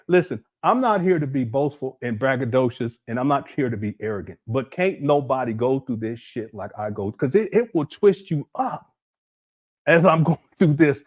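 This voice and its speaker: A man's voice: medium pitch, moderate pace. A man giving rambling, incredulous commentary on a livestream, talking to his chat from a desk mic at home. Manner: animated, incredulous, rambling with restarts.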